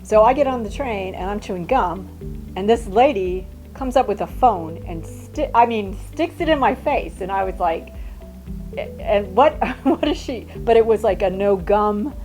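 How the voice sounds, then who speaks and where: A woman's voice: mid-range voice, normal speed. Older woman, chatty storyteller with stop-start phrasing; faint music bed. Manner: chatty, animated, many restarts. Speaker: mother recalling travels. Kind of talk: casual storytelling.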